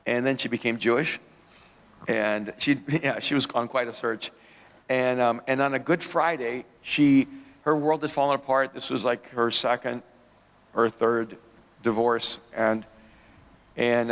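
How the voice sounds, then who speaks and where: A pastor as interview guest tells a story in a loose, rambling way, restarting sentences and chuckling at himself. His voice has a gravelly edge. The sound carries the long reverb of a hall. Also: mid-range voice, fairly bright tone.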